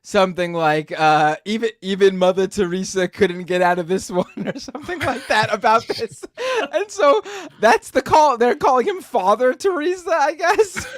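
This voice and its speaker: A man co-hosting a live-streamed political talk show, reacting to clips with quick asides and frequent laughter. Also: high voice, expressive, a bit bright. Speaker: podcast co-host. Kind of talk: casual live-stream commentary.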